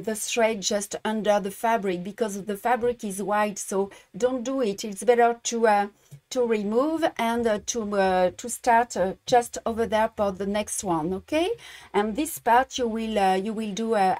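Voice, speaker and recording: Her pitch is fairly high and a little mellow. She's a woman from France, a native French speaker with a French accent, demonstrating embroidery on a livestream and regularly halting while she looks for English vocabulary.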